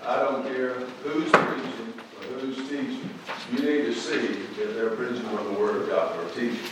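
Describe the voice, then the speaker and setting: A man's voice: medium pitch, steady tone, moderate pace. Echoey, distant preacher man. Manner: folksy, emphatic preaching with rising bursts. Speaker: pastor. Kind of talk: sermon. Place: large church sanctuary. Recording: echoey hall from far off, room noise.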